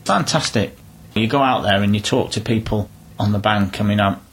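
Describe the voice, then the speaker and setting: A middle-aged man with a husky, slightly low voice. He chats in a relaxed, rambling way and often restarts his sentences mid-thought. He sounds like an everyday angler telling stories. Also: moderate pace. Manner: chatty, down-to-earth, rambling with restarts. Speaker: interviewee, angler. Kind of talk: casual storytelling interview.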